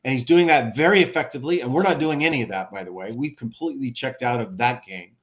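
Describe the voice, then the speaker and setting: An American man speaking as a podcast guest, explaining at length in an animated way, listing examples and often restarting his sentences. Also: mid-range voice, quick pace, highs cut off. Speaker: guest, former ambassador and author. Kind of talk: conversational podcast interview.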